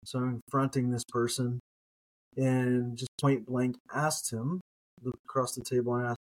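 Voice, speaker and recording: A man's voice: medium pitch, flat delivery, normal speed, rough recording. A man in a Bible study podcast tells a story in a casual, conversational way. He presses his point with rhetorical question after rhetorical question. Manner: conversational, telling an anecdote with repeated rhetorical questions. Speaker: biblical scholar co-host.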